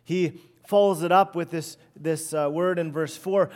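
A middle-aged man preaching an expository sermon, earnest and emphatic, often letting phrases fall soft and low at the end. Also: steady tone, a little slow, hardly any pauses. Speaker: pastor.

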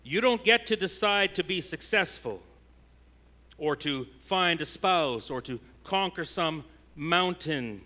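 A pastor preaching a sermon, a man whose delivery swings between loud, emphatic declarations and hushed, intense passages. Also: sits high, lively intonation, slow pace.

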